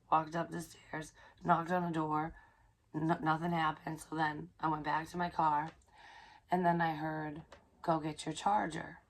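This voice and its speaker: A woman psychic medium casually telling a personal story, excitable and profane, dropping into hushed asides. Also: deep voice, creaky, a little hiss or hum.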